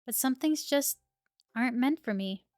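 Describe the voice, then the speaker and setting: A woman's voice: on the high side, animated, normal speed, darkish tone, no room sound, studio quality, lightly acted. A woman reading a wistful, evasive young man. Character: gentle, evasive young man, a love interest.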